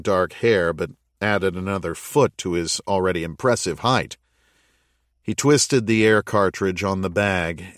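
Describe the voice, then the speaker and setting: In clean studio sound without echo, a male narrator with a low voice delivers an audiobook's scripted text at a steady, measured pace.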